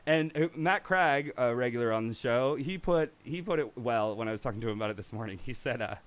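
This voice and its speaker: Animated man hosting a movie chat. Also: medium pitch, fairly quick. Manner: animated, laughing, rambling with restarts. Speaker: talk show host. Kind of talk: casual live-stream movie chat.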